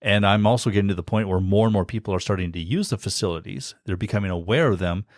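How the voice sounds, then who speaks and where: A man's voice: on the low side, fast talker, no room sound. A man who heads a college radio and audio program, talking casually as a guest in a podcast studio, wry and self-deprecating. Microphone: studio mic.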